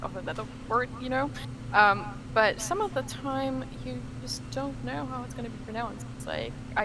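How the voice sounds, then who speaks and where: A young woman from Germany, a podcast guest in casual chat, animated, laughing often, full of fillers and restarts. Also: medium pitch, noisy background.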